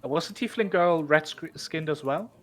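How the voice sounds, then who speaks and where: Soft-spoken male player. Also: fairly high pitch, normal speed. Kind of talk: playing a tabletop game on stream.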